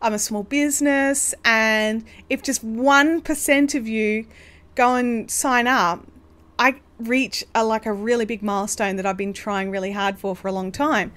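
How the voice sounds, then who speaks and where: A woman's voice: fairly high pitch, fairly even intonation, a little slow, a bit bright. An Australian woman hosting a casual craft livestream, chatty and bubbly, rambling with lots of fillers. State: hiccups. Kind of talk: casual live chat.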